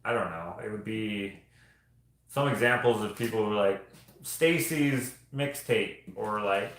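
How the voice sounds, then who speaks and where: A man's voice: fairly low pitch, measured pace, fairly bright tone. A man casually chatting on a stream as he shows his artwork, rambling and joking. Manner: rambling, jokey, laughs often. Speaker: artist streaming show-and-tell. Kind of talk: casual livestream chat. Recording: very echoey room.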